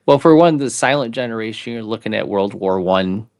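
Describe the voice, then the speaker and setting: A man in his fifties with a deep, low voice co-hosts a relaxed chat. He reads articles aloud in a mock announcer voice and breaks off now and then to joke with his co-host. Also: a little fast. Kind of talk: casual chat and read-aloud.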